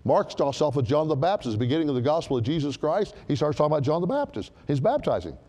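A man preaching a sermon to a church congregation, emphatic and animated, repeating his key words for stress. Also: on the high side, quick pace, big-room sound.

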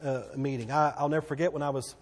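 A man's voice: mid-range voice, steady tone, racing. A middle-aged man from Texas, preaching a sermon with emphatic, repeating preaching cadence in a church. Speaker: pastor. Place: church sanctuary. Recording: long reverb of a church hall.

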